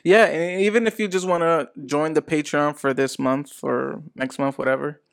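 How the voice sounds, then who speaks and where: A man's voice: on the high side, steady tone, normal speed, vocal fry. A man co-hosting a podcast in casual chat, talking in a laid-back slangy way and laughing often. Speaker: podcast co-host.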